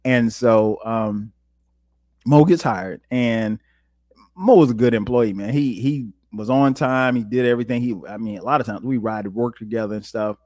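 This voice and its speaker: A man from South Carolina hosting a podcast, telling stories in a relaxed, casual way and jumping up in pitch when he quotes himself. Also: moderate pace, no room sound, clean studio sound. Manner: animated, jumps high when quoting himself. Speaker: podcast host. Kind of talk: casual storytelling.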